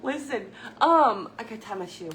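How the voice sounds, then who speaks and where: Middle-aged woman, live-stream host, warm and chatty, slightly high voice, faint background noise. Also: expressive, moderate pace. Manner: chatty, laughing, greeting viewers by name. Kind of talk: casual live-stream chat. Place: home kitchen at night.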